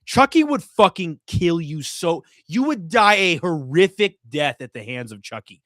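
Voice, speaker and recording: A man's voice: a little high, a little slow, no echo, clean studio sound. A man hosting a casual live stream from home, swearing freely and a little drunk as he rants. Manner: profane, animated ranting. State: tipsy from drinking. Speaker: streamer host.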